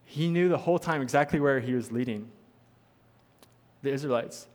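Male pastor, mid-pitched, earnest and emphatic, sermon in a reverberant church hall. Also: moderate pace. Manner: earnest, repeats points for emphasis.

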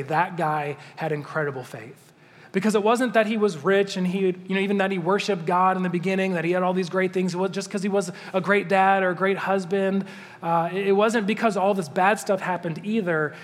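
A man preaching a sermon in a relaxed, conversational way, slowing down whenever he reads scripture aloud. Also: high voice. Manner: conversational, animated, slows down to read scripture. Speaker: pastor. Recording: long reverb of a large hall.

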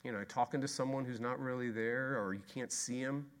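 A man preaching a sermon as pastor, emphatic and repetitive, swinging between loud exclamation and hushed intensity. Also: medium pitch, steady tone, fairly quick. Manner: repetitive rhetorical questions.

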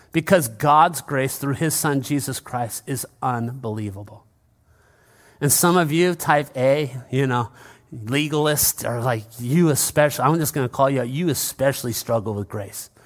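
A male pastor preaching a conversational sermon in church, often calling out to the congregation. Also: mid-range voice.

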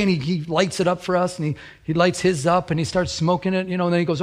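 Animated, higher-voiced preacher man. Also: fast, hardly any pauses. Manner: animated storytelling, repeats phrases for emphasis. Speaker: pastor. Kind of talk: sermon.

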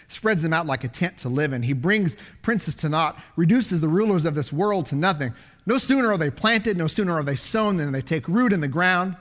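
A man preaching a sermon as a pastor, swinging between loud declarations and hushed whispers as he reads scripture. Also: high voice, animated, moderate pace.

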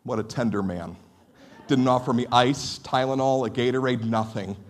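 A man's voice: mid-range voice, normal speed. A male pastor preaching a sermon, telling stories with a humorous, self-deprecating manner. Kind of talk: sermon with storytelling.

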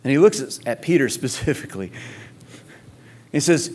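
A man's voice: mid-range voice, animated, normal speed, a little mellow. A man preaching a sermon in a casual, conversational way, full of rhetorical questions and emphasis. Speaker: pastor. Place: church service in Texas.

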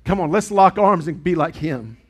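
A middle-aged man preaching a sermon in a church, earnest and swinging from loud to hushed. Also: fairly high pitch, expressive, moderate pace, husky. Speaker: pastor. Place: church sanctuary with congregation.

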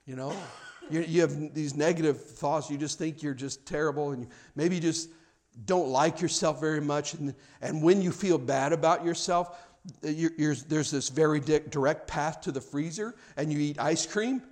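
A middle-aged man preaches a sermon in a high, light voice. He talks in an easy, conversational way, often repeating himself as he restarts a thought. Now and then he slips into little acted-out scenes. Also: moderate pace, darkish tone. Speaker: pastor.

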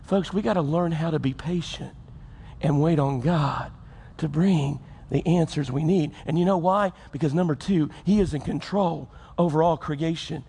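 A man's voice: fairly high pitch, moderate pace, creaky, breathy edge. A man preaching a folksy sermon to his congregation. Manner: folksy, preacherly, with acted-out quotes and rising emphasis. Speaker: pastor. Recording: loud music behind. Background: loud music.

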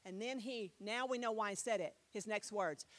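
A woman's voice: mid-range voice, normal speed. A woman preaching a sermon in a playful way, repeating phrases for emphasis. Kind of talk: sermon teaching.

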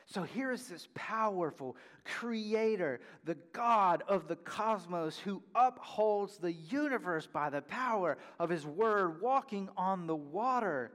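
A pastor with a high voice delivers an animated sermon, leaning hard on key words and then falling to a soft hush. His voice rings out with a long reverb, as if it fills a big church hall. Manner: animated preaching, dropping to a hushed whisper at times.

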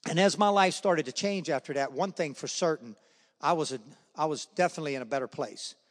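A man giving a spoken faith testimony, telling his story with animated energy and acting out the voices of the people in it. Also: on the high side, a little fast. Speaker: speaker sharing his testimony. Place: church hall or meeting room. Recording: long hall reverb.

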